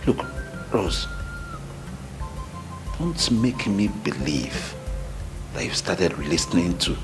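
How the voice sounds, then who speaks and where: An earnest Nigerian husband. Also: male voice, sits low, very animated, takes it slowly, over music, exaggerated voice. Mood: exasperated. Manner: earnest, pleading then exasperated. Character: frustrated young husband reasoning with wife. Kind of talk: Nollywood film acting.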